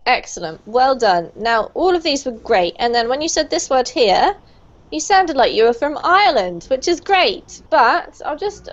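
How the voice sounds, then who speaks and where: Cheerful pronunciation teacher, high-voiced woman, online class over a muffled call. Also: very animated, normal speed. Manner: upbeat, encouraging, praises often. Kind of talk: online group pronunciation lesson. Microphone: video call. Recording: dull lo-fi video call audio.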